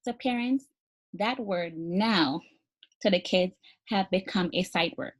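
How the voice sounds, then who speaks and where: A woman's voice: lowish voice, slow pace. Encouraging woman teaching early reading. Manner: encouraging, speaks directly to parents; models activities step by step, spelling words letter by letter. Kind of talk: instructional video for parents.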